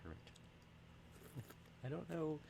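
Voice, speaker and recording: A man co-hosting a casual livestreamed podcast from home, relaxed and agreeable, laughing along. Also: a little high, takes it slowly, vocal fry, background noise. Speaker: podcast co-host. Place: home room during a livestream.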